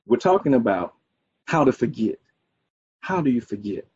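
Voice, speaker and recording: A man's voice: medium pitch, big pitch swings, normal speed, darkish tone, breathy edge, dry recording. A man preaching a sermon, using folksy asides and a string of "okay"s. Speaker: pastor. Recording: dull, dry, muffled sound.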